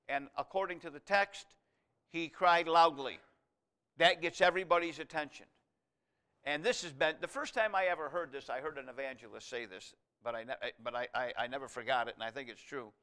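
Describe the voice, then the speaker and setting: A man preaching a sermon, reading scripture aloud and explaining it verse by verse, rising to loud emphatic passages. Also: on the high side, normal speed, clean tone. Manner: expository Bible teaching, reads scripture aloud, swells loud on key lines.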